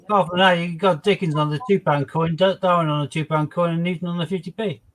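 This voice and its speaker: A man's voice: a little high, steady tone, quick pace, fairly bright tone. A man playing a quiz with friends, explaining his reasoning with false starts. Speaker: quiz player. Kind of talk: casual chat during a quiz game.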